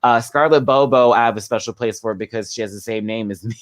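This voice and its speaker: Animated man telling stories, dry sound. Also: mid-range voice, fast, no room sound. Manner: animated storyteller, acts out quotes. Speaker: podcast guest. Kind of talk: casual chat.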